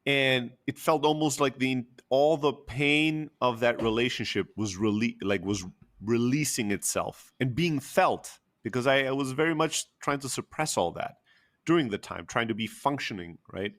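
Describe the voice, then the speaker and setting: A man's voice: medium pitch, moderate pace, fairly bright tone. Man, open and emotional, casual storyteller with fillers. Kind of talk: candid personal storytelling.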